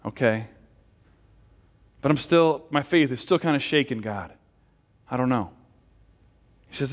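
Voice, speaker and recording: A man's voice: mid-range voice, unhurried, long pauses, long reverb tail. A man giving a conversational sermon as pastor, asking the congregation questions and leading a closing prayer. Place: church sanctuary.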